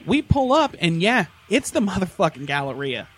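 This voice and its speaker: A man's voice: high voice, moderate pace, slightly rough. A man casually ranting and telling stories on a podcast, full of swearing. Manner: animated, swearing storyteller. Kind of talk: casual profane rant.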